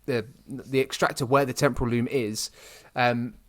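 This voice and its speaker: A man's voice: mid-range voice, steady tone, moderate pace, fairly bright tone, no room sound. Young British man, casual co-host, meandering chatty delivery, dry close mic. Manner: rambling, many restarts and fillers, says "mate". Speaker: podcast co-host. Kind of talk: casual chat.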